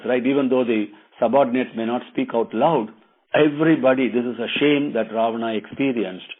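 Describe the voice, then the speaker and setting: A man's voice: medium pitch, husky. Man retelling an epic. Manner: conversational, moralizing asides. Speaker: storyteller. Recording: tinny phone-like line.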